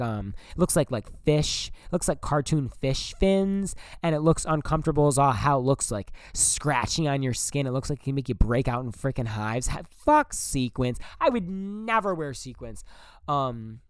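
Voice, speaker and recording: A man's voice: on the high side, clear, resonant tone, no room sound, studio quality. A young man hosting a solo podcast, talking bluntly and profanely in a rambling casual way full of "like". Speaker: podcast host.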